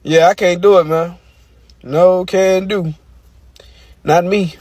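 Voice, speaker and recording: A man's voice: high-pitched, steady tone, slow pace, a little mellow, no echo, recorded from a distance. A man ranting casually to camera, profane and emphatic, repeating his point.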